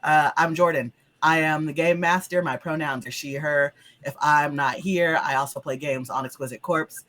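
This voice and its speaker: A woman hosting as game master, her voice lower than usual because she is sick, in a chatty opening. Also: fairly even intonation, moderate pace, few pauses, fairly bright tone. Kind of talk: casual stream opening.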